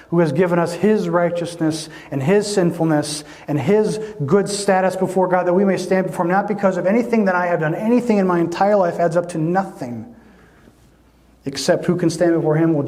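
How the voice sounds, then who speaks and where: A man with a fairly high voice preaches a sermon. He speaks earnestly and often repeats a word as he finds his way forward. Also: darkish tone. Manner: earnest, repeats words when searching for them. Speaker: pastor.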